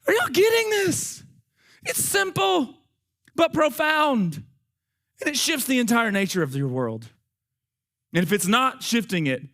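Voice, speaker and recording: Man, preacher, high voice, folksy, animated, hoarse and breathless. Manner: animated, folksy, talks straight to the congregation. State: voice going hoarse, short of breath. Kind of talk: sermon.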